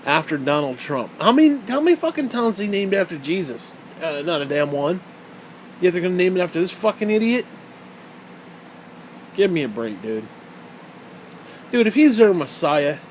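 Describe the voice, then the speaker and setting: Profane rambling man, slightly high voice. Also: slight background noise. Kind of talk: casual rant.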